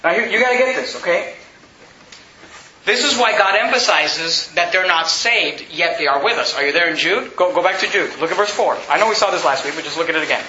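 High, bright-voiced man preaching forcefully. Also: lively intonation, a little fast, a little hiss or hum. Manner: emphatic preaching, rising to shouts. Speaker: pastor. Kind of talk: sermon. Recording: echoey room, dull lo-fi sound.

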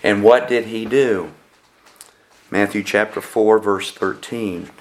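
A man preaching a sermon to his congregation, deliberate and measured, posing rhetorical questions to his listeners. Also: on the low side. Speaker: pastor.

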